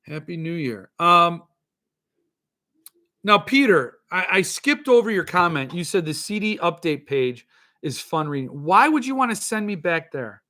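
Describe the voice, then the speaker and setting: Animated bright-voiced male podcast host. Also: high voice, a little slow. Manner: ranting, exasperated, animated. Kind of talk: casual solo podcast reading chat comments.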